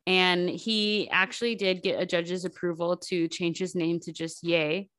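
A woman co-hosting a casual podcast, easygoing and full of short replies and fillers. Her voice sits a bit low for a woman. She talks in a loose, unhurried way. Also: steady tone, fairly bright tone. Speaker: podcast co-host. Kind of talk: casual chat.

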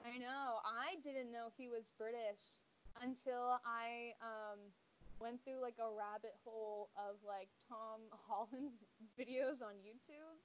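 Young female guest, bright and enthusiastic, casual chatter with a slightly high voice. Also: steady tone, slow, slight background noise, low-quality recording. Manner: bubbly, gushing, many "like" fillers. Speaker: podcast guest. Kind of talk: casual chat.

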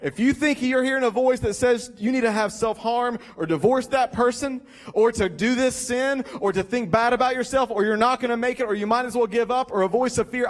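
A male pastor preaching a sermon, an animated storyteller who jokes at his own expense, speaking into a stage mic. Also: very high-pitched.

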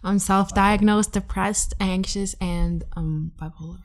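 A young woman co-hosting a casual podcast, her voice sitting at an ordinary middle pitch. She swears freely and makes fun of herself, often breaking into laughter between lines. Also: fairly even intonation, unhurried. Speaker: podcast co-host. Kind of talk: casual chat.

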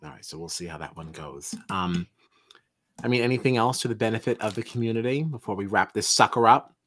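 A man's voice: on the low side, fairly quick, no room sound. A man co-hosting a casual reality TV recap podcast, running the show and plugging its socials. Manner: lively, wraps up the show with plugs. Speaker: podcast co-host.

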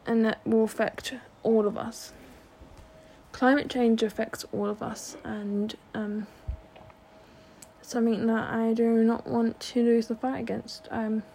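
A woman's voice: fairly high pitch, little pitch movement, slow pace, mellow, slight background noise. A young woman hosting her own podcast, talking earnestly with many ums and restarts. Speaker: podcast host. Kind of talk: solo podcast monologue.

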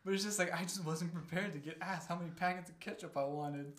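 A man's voice: fairly high pitch, fast, a bit bright. A young man telling stories in casual chat with friends, swearing and restarting his sentences. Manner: storytelling, swears, self-interrupting. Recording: roomy echo.

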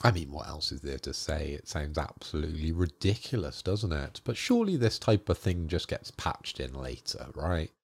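A man co-hosting a casual gaming podcast, giving measured opinions. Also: a bass voice, very animated, gravelly, breathy edge. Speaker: podcast co-host.

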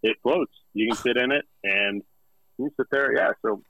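A man chatting as a guest in a casual interview, easygoing and halting, with lots of ums and uhs. His voice sits at a plain middle pitch and is recorded dry, with no room around it. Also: no echo, highs cut off. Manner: relaxed, halting with many fillers. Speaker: guest, company representative.

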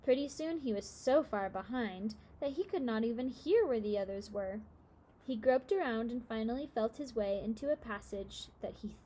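A woman reading a children's story aloud with steady, expressive narration. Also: on the high side, slight background noise.

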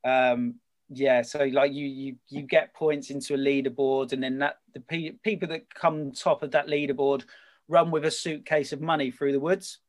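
A man, a podcast guest, chatting casually and telling a story with lively energy. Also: mid-range voice, normal speed. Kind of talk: casual chat.

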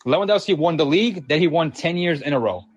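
A man arguing fast and insistently in a casual podcast debate, rattling off statistics and pressing the others to convince him. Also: a little high, animated, husky, no echo, lo-fi sound. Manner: fast, insistent, combative, reels off stats. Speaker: podcast co-host.

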